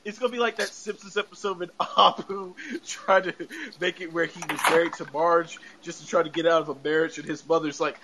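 Podcast host, male, high and bright-voiced, animated, laughs a lot, swears freely. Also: brisk, a little hiss or hum, low-quality recording. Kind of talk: casual chat recapping a show.

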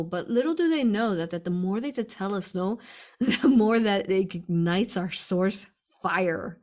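A woman's voice: mid-range voice, lively intonation, unhurried, a little mellow. A woman hosting a live spiritual stream, answering viewer questions in a chatty way, laughing often and calling listeners "you all".

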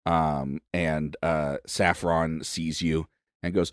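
A man's voice: extremely low pitch, flat delivery, takes it slowly, no echo, clean studio sound. A man narrating a tabletop game as game master, casual and rambling.

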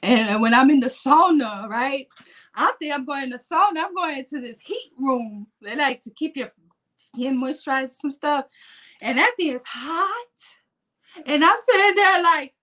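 A woman in her forties talking casually to camera in a vlog, animated and playful. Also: high voice, normal speed. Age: 40s. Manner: animated, playful, acts out her own inner voice. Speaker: fitness vlogger.

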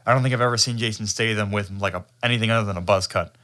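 A man co-hosting a podcast, chatting casually and rambling through profane, animated retellings. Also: fairly low pitch, rapid-fire. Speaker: podcast co-host. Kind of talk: casual chat.

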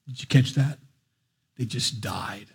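A man's voice: medium pitch, slow pace, creaky, breathy edge. A man preaching a sermon, reading scripture and breaking off for casual, joking asides. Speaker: pastor.

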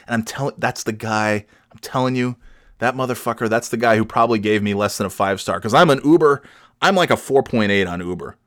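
A man's voice: medium pitch, brisk, fairly bright tone, no room sound. A young man hosting a podcast, telling rambling, profane stories with self-deprecating humor on a studio mic. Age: young adult. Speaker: podcast host. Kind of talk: casual storytelling.

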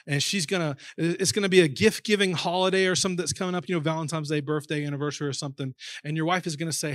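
A man's voice: on the high side, fairly even intonation, very fast, hardly any pauses, a bit bright, dry recording, clean studio sound. A man, preaching a conversational sermon with emphatic repetition. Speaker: pastor. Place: church auditorium.

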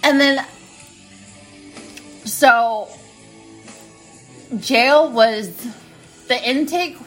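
A woman in her twenties with a slightly high voice tells stories on her home podcast. She talks bluntly and swears a lot, mocking herself as she goes. A faint trace of music sits behind her. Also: drawn-out words. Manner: blunt, profane, self-mocking. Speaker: podcast host. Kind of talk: casual storytelling monologue. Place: home kitchen.

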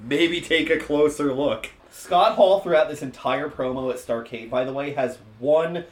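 A man's voice: a little high, measured pace. A man co-hosting a podcast, recapping wrestling in a joking, crude, casual way. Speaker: podcast co-host. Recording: roomy echo.

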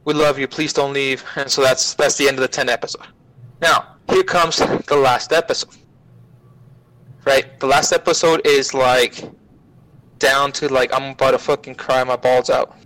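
A man guesting on a podcast, retelling an anime plot in a profane, rambling, animated way. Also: medium pitch, moderate pace, no echo, low-quality recording. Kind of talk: casual anime recap chat.

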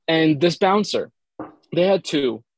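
A man's voice: a little high, expressive, slow pace, poor audio. A young man co-hosting a podcast, telling a rambling, crude, jokey story in casual chat. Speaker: podcast co-host.

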